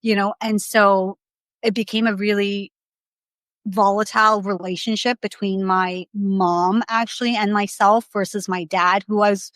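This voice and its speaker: A woman's voice: medium pitch, little pitch movement, unhurried, a bit bright, dry recording. Candid woman with dry close sound. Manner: candid, rambling with many "like"s and restarts. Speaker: podcast guest. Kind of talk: casual interview storytelling.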